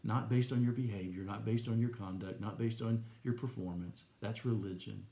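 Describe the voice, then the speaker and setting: A man giving an earnest, gentle personal faith testimony to viewers. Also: fairly low pitch, steady tone, normal speed, vocal fry, roomy sound. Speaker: Christian teacher.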